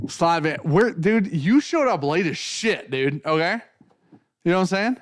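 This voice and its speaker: A man's voice: a little high, no room sound, studio quality. A man hosting a casual whiskey tasting, talking in a loose, joking way with plenty of swearing. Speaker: whiskey show host.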